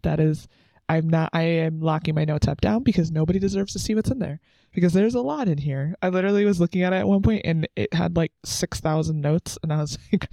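A young woman talks through her faith in a chatty, earnest way, full of filler words. Her voice is warm and relaxed, with a gravelly fry at the ends of phrases. She sounds close and dry, sitting on the floor at home. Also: lowish voice, a little fast, no room sound. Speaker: podcast host. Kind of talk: casual devotional talk.

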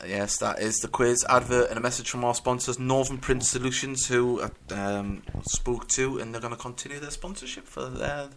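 A man hosting a football fan radio show in casual, rambling banter, quick to laugh and full of ums. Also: mid-range voice, steady tone, fairly bright tone, a little hiss or hum.

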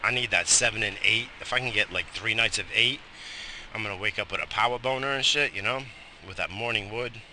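A man's voice: on the low side, a little fast, bright, forceful tone, a little hiss or hum. A middle-aged man, tired and coughing, rambling profanely in a casual morning vlog. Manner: profane, rambling, loose and chatty. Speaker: vlogger.

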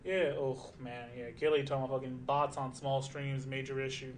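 A man's voice: medium pitch, fairly even intonation, moderate pace. A young man in his twenties, a streamer chatting casually in a rambling, profane way with many fillers. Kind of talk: casual chat.

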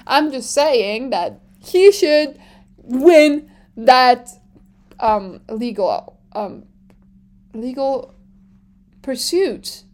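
A woman from France with a French accent, chatting casually as a podcast host, animated and full of fillers. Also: high voice, drawn-out words, pauses often. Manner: chatty and animated, many fillers, laughs often. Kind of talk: casual chat.

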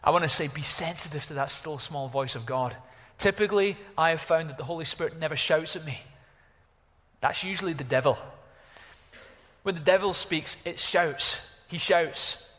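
A man preaching a sermon as pastor, animated, exclaiming at times and dropping to a hush at others. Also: a little high, normal speed, long reverb tail. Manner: animated, exclaiming, varies from loud to hushed.

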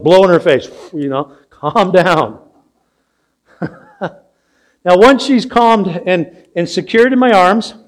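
Older male pastor with a high voice, preaching in a storytelling way. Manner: storytelling, asks the audience questions. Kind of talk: sermon. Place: church sanctuary.

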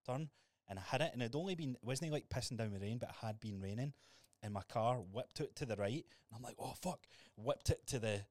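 A young Scottish man co-hosting a podcast, telling stories in a sweary, animated way. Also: medium pitch, fast talker, no echo. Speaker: podcast co-host. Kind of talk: casual chat.

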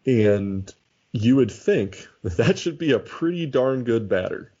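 A man's voice: mid-range voice, expressive, measured pace, dark tone, slightly rough. A man co-hosting a casual podcast chat, thinking aloud and often restarting his sentences. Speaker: podcast co-host. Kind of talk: casual chat about a baseball sim league. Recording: dull lo-fi audio.

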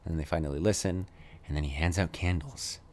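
This is a man with a notably deep, low-pitched voice, co-hosting a relaxed conversation. He rambles, restarts and pads his sentences with fillers, breaking into laughs along the way. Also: quick pace. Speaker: podcast co-host. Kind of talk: casual chat reviewing a movie.

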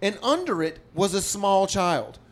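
A man, a stand-up comedian, telling a profane, animated story in casual podcast chat. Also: high voice, measured pace.

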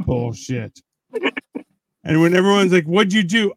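A man's voice: sits high, slow pace, pauses often, dry recording. A podcast host, a man, chatting casually and acting out quoted exchanges, swearing freely. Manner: animated storyteller, acts out quotes, swears freely.

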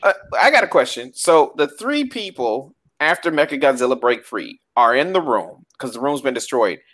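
A man in a casual podcast chat who keeps asking questions and breaks into high laughs. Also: big pitch swings, normal speed, fairly bright tone. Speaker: podcast co-host.

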